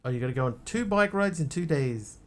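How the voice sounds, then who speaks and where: A man's voice: on the high side, lively intonation, a little fast. A man streaming a game, chatting casually and answering his chat as he plays. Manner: chatty, greets and answers chat while playing.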